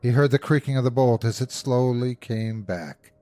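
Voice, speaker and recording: A man hosting a horror podcast, narrating a classic ghost story in a measured, suspenseful way. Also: mid-range voice, mellow, dry recording.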